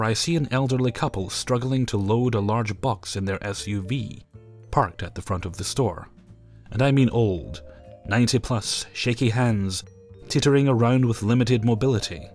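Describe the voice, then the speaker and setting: A man at a middling pitch retells his stories in a wry, matter-of-fact voice. Faint background music runs under his narration. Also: a little mellow. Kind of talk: storytelling narration.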